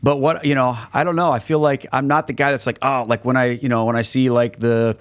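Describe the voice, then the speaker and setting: A man's voice: mid-range voice, little pitch movement, brisk, clean tone, no room sound, studio quality. A middle-aged man, a guest on a podcast, answering questions in an earnest, conversational way and often restarting his phrases. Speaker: guest, Catholic evangelist.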